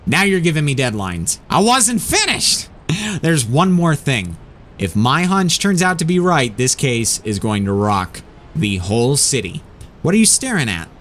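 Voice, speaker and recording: A man doing a gruff impatient police sergeant. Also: medium pitch, sing-song, normal speed. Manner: curt, bossy.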